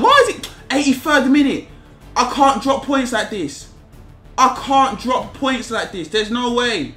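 A young man commentating live on his own football game, repeating himself and shouting in frustration at his players. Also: very high voice, animated, unhurried, echoey room, soft background music. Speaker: gaming YouTuber.

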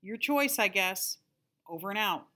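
A woman's voice: medium pitch, animated, measured pace, pushed and bright. A woman voicing a chatty male drive-in intercom voice with slangy radio-talk lingo. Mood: coaxing.

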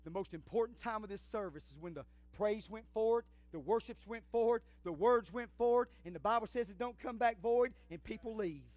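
A middle-aged pastor preaching a sermon in a church, swinging from shouts to near whispers in folksy talk. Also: male voice, high voice, a little fast, hardly any pauses, no room sound. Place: church sanctuary.

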